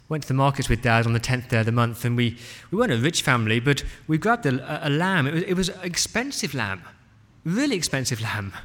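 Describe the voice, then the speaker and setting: A male preacher retelling a scripture story in the first person as a child eyewitness, with dramatic pauses. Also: mid-range voice, fairly bright tone. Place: church hall. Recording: long hall reverb.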